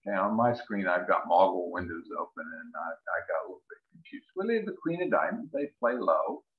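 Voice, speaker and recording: Lively-voiced man teaching a card game. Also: deep voice, brisk, narrow, tinny audio. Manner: chatty, acts out players' thoughts in little voices. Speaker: bridge teacher. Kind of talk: screen-share lesson walkthrough.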